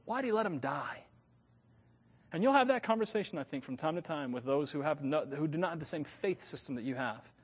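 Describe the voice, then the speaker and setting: A man preaching a sermon as pastor, swinging from loud, emphatic lines to hushed ones and laughing at himself now and then. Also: on the high side, expressive, quick pace, few pauses, long reverb tail. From North America.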